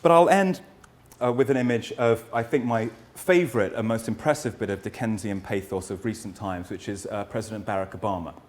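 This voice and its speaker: On the low side, the voice belongs to a middle-aged historian giving an academic talk. Earnest and considered, he asks rhetorical questions and keeps hesitating and restarting.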